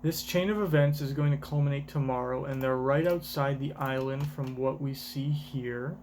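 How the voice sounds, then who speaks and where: A man streaming a live manga reaction, rambling, swearing casually and thinking out loud. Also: medium pitch, normal speed, a little hiss or hum.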